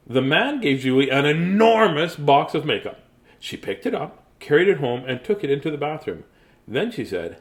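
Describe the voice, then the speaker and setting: A man's voice: fairly high pitch, big pitch swings, normal speed. Goofy man in his fifties reading aloud. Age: 50s. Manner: goofy, sings silly rhymes, jokey asides. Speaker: children's book reader. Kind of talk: playful read-aloud with banter.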